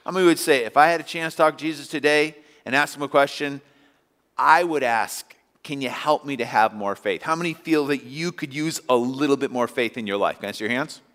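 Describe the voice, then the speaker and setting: A man's voice: mid-range voice, fairly quick, a bit bright. A man preaching a sermon in a church, talking conversationally and acting out little scenes for the congregation. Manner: conversational preaching with acted-out asides. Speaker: pastor. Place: church sanctuary. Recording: long hall reverb.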